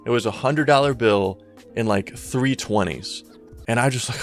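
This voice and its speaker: A man's voice: medium pitch, moderate pace, faint music behind. A young man telling a story in a casual, rambling way, full of slang and swearing. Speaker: YouTuber storyteller.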